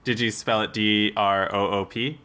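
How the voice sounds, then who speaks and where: A man with a bright, forceful voice trades playful banter as a podcast co-host. He laughs easily, steers the talk and corrects small details. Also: fairly low pitch, fairly even intonation, normal speed. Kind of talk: casual chat.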